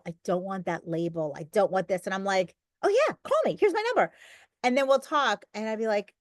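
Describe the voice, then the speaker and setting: A woman's voice: medium pitch, no echo. A middle-aged woman talking as a podcast guest, an emphatic and talkative storyteller in casual conversation. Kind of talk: conversational interview.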